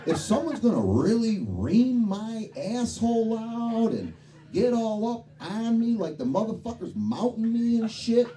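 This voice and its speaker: On a club stage, a stand-up comedian in his fifties tells profane, rowdy stories in a crude routine. His mellow voice is extremely high with big pitch swings and a measured pace. The distant mic picks up a noisy club and audience laughter.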